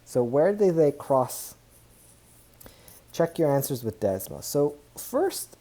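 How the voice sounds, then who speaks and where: Dark-voiced, chatty man teaching math. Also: mid-range voice. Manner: chatty, self-correcting, upbeat exclamations. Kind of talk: recorded tablet math lesson.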